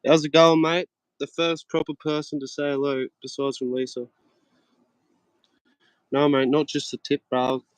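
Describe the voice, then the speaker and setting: A man's voice: a little high, little pitch movement, moderate pace, long pauses, smooth, no echo, rough recording. A man in his thirties from Australia with an Australian accent, chatting brashly on a livestream with plenty of slang and swearing. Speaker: guest streamer. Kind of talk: casual livestream chat.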